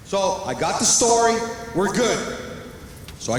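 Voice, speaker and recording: A man's voice: high voice, big pitch swings, measured pace, long pauses, a little hiss or hum. A man doing stand-up storytelling on an arena stage, animatedly acting out both sides of conversations. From Canada. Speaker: stand-up comedian. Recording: echoey arena with long reverb.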